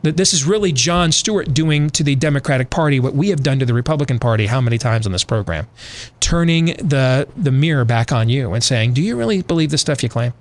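A man's voice: medium pitch, brisk, few pauses. A man hosting a talk radio show who gives emphatic opinions and speaks straight to his listeners. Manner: emphatic, addresses listeners directly. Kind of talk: opinionated commentary.

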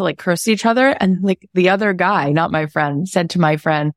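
A woman hosting an interview show, chatting casually and reacting with excitement. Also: fairly low pitch, brisk, no room sound. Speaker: host. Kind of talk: casual chat.

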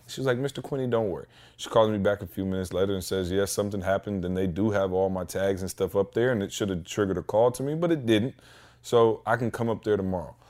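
A man tells a rambling story on his podcast, recorded in his home basement, in a lowish voice and laid-back slang. He acts out the other people's lines as he goes. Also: quick pace. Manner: animated, slangy storyteller who acts out dialogue. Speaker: podcast host. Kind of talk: casual storytelling.

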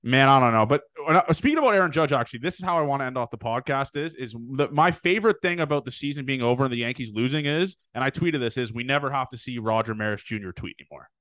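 Fast-talking, excitable male podcast host. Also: medium pitch, no echo. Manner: excitable, swears freely, hypes up his guest. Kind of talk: casual podcast chat over video call. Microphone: remote call microphone.

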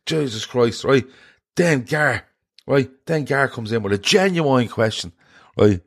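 A man co-hosting a podcast, recounting a group chat in animated, swearing casual talk. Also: mid-range voice, measured pace. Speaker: podcast co-host.

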